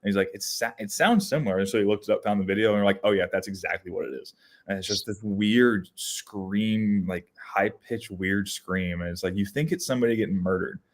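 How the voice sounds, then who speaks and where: Fairly quick and lowish in pitch, a young podcast co-host recounts casual outdoor anecdotes. He rambles in an animated way, with lots of restarts and filler words.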